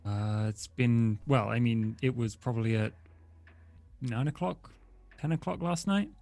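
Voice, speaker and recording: A man's voice: medium pitch, a little slow, darkish tone. A man playing his character in a tabletop game, casual and hesitant with fillers. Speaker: player.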